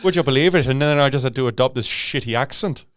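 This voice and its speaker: A man's voice: mid-range voice, fast talker, a bit bright, clean tone, no room sound, clean studio sound, voice pushed up, lightly acted. A man voicing a carefree, boozy bloke who tells a rambling pub tale in an exaggerated drawl. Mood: rowdy.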